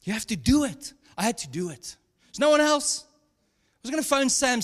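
This male pastor's pitch is extremely high and sing-song, his speed normal and his tone a bit bright. His sermon unfolds as chatty, laugh-filled storytelling with frequent digressions, heard in a hall with long reverb.

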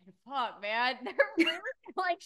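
A woman's voice: high voice, animated, a little slow, pushed and bright. A woman co-hosting a podcast in casual chat, emotional and swearing freely, with lots of "like". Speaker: podcast co-host.

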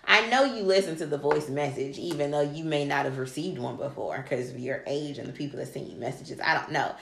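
A woman with a fairly low voice chats casually on a podcast, telling a long story with lots of quoted back-and-forth and free swearing. She sounds animated. The room is echoey, with a faint hiss behind her. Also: brisk, creaky. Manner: animated, swears freely, quotes people in dialogue. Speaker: podcast co-host.

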